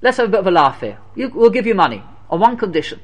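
A mischievous wealthy prankster in a tavern, his voice pushed up high and jeering, as a man telling a story puts him on. He teases with a sly, mocking lilt, the pitch sitting well above a normal man's. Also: big pitch swings, fast.

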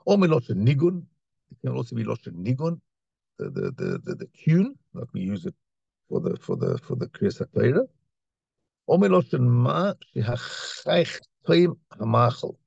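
A man's voice: mid-range voice, wildly swooping pitch, normal speed, vocal fry, a little mellow, slightly rough, dry recording, muffled recording. A man teaching a Torah class, reading Hebrew phrases and explaining them in English, often repeating words as he searches for the next one. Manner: reads Hebrew lines then translates, with repetitions and restarts.

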